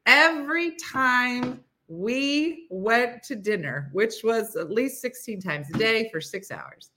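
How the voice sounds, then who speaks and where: A woman's voice: fairly high pitch, animated, slow, pushed and bright, a little hiss or hum. A woman hosting a casual morning live stream, chatty and rambling, laughing often and reading viewer comments aloud.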